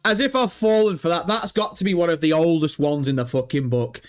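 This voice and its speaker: A man's voice: fairly high pitch, fairly quick. A man chatting casually on a gaming news livestream, swearing freely and breaking into helpless laughter.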